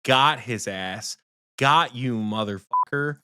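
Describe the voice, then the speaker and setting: A man co-hosting a podcast who tells a story in a casual, teasing, profane way, often speeding up into quick bursts. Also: medium pitch, sharp tone, a little hiss or hum. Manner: rapid bursts of speech. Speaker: podcast co-host.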